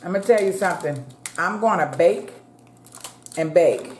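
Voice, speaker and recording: Middle-aged woman, lowish voice, chatty mukbang talk between bites, echoey room. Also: expressive, moderate pace, a little mellow. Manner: chatty, eats between sentences, addresses viewers as y'all. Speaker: mukbang vlogger. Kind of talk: casual chat while eating.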